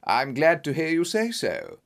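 A man's voice: fairly high pitch, wildly swooping pitch, unhurried, full character voice. A man doing a cold clever detective. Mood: cool. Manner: cool and clipped.

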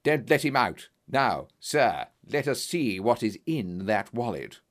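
A man voicing a firm, sharp-minded detective in a storybook reading, speaking in a commanding way. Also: medium pitch, very animated, measured pace.

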